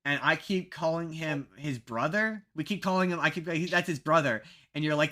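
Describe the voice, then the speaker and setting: Bright, self-mocking young podcast host. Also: male voice, fairly high pitch, moderate pace, few pauses. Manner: rambling, self-mocking, many fillers and restarts. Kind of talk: casual podcast chat.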